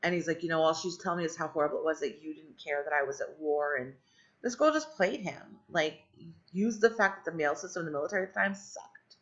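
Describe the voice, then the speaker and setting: A woman's voice: lowish voice, fairly bright tone. A middle-aged woman telling a long personal story in a rambling way, full of fillers and asides. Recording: dull lo-fi sound.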